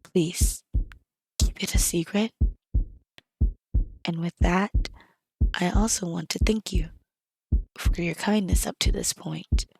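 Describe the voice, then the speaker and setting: Give me a gentle young man, soft-spoken and hesitant, as a woman puts him on, unhurried and dry. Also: fairly low pitch, fairly even intonation, gravelly, no echo, faint music behind, heavily acted. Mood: secretive. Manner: hushed and hesitant.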